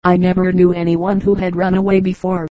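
An earnest, well-spoken young girl, kind and eager to help, read by a woman. The voice sits low and stays flat, with little rise or fall. The sound is dry and close. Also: brisk, no echo, close to an everyday voice, rough recording.

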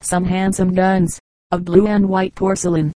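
A woman reading an audiobook as scripted narration, in an even, unhurried manner. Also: lowish voice, dry recording, rough recording. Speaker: audiobook reader.

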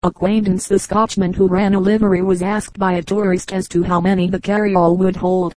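Woman narrator, audiobook of short jokes, mellow dark tone, lowish voice, dry close mic. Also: dry recording, poor audio. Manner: even, measured storytelling. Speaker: audiobook reader. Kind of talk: audiobook narration of humorous anecdotes.

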